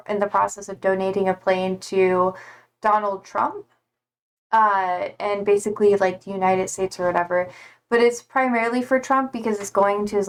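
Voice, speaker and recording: Sounding weary, a young female streamer chats loosely while reading viewers' comments aloud. Her voice is medium in pitch and a little hoarse, and she meanders hesitantly, leaning on plenty of fillers and curse words.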